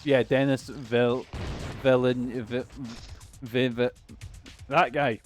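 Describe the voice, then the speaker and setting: A young man streaming a video game, chatting casually, rambling, swearing and losing his train of thought, with soft music underneath. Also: mid-range voice, steady tone, slow. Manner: rambling, swears often, trails off mid-thought. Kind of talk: casual let's-play commentary.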